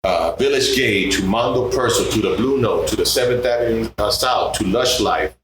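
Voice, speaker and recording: An older man from Puerto Rico, a guest bassist, telling stories in a casual interview and acting out other people's voices. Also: moderate pace, heavy reverb, a little hiss or hum, poor audio. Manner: animated, acts out others' voices in quotes.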